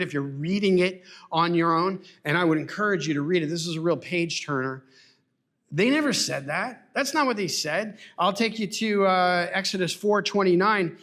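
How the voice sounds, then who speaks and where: A man's voice: on the high side, normal speed, a bit bright. A man preaching a sermon in a church, earnest and repetitive, asking rhetorical questions. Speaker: pastor. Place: church sanctuary.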